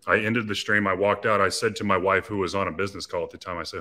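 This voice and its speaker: A man in his thirties speaks as an interview guest, earnest and confessional, often restarting his sentences. His voice sits low but rings bright and forceful. He tells a personal story candidly. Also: steady tone, a little fast, few pauses.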